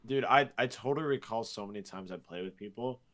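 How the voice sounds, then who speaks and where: A man's voice: on the low side, quick pace. A young man chatting casually as a podcast co-host, telling stories with lots of restarts. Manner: animated storyteller, frequent restarts. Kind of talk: casual chat.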